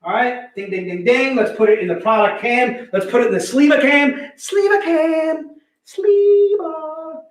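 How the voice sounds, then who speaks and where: A man hosting a live comic book sale, pitching deals in energetic, repetitive, joking hype talk. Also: a little fast, hardly any pauses. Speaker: host selling comic books. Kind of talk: live online sales pitch. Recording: echoey room.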